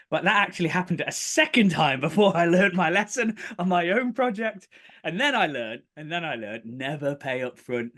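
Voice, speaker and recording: Man telling an animated story. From United Kingdom. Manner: animated, acts out quotes in bursts of higher pitch. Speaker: podcast guest, property developer. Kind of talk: casual storytelling interview.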